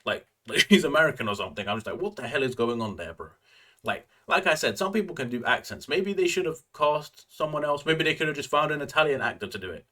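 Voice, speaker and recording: Fast-talking man ranting about movies. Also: a little high, expressive, sharp tone. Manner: ranting, filler-heavy, frequent "like" and "bro". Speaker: movie reviewer. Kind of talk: casual opinionated review.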